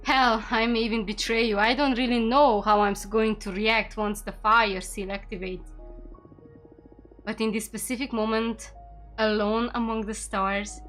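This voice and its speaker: A woman reading the lines of an earnest exiled young witch in a soft, heartfelt voice. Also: a little high, little pitch movement, measured pace, soft background music. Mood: tender.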